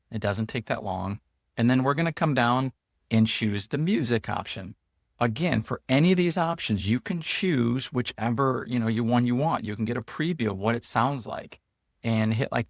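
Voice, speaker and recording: A man hosting his own channel, walking viewers through an app in a relaxed, chatty way, loose with fillers and restarts. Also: medium pitch, normal speed, no echo, clean studio sound. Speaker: host and app founder. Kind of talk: casual screen-share walkthrough.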